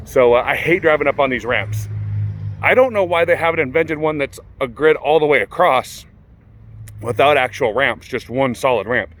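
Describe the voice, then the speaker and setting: A man's voice: medium pitch, normal speed. A man working as a car salesman, telling a funny story to the camera outdoors at a car lot in a casual, chatty way. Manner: chatty, animated when quoting others.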